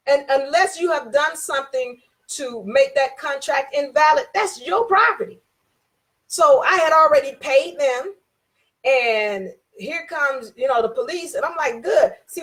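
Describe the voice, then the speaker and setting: A woman giving an informal talk on contract rights. She tells a personal story, repeats herself for emphasis and acts out both sides of the dialogue. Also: high-pitched.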